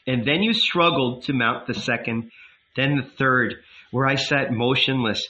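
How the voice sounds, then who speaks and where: A man narrating an audiobook in a measured, unhurried way. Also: medium pitch, sharp tone, rough recording. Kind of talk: audiobook reading.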